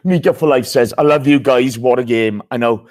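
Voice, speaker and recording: A man hosting a live podcast stream, loud and excitable, swearing freely and reading out chat names over a video call. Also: mid-range voice, moderate pace. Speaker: podcast host.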